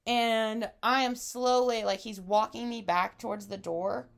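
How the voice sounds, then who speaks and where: A podcast co-host in her twenties tells a wild story in casual chat, laughing often and acting out what people said. Her voice is fairly high and creaky, and she speaks at a measured pace, staying animated throughout.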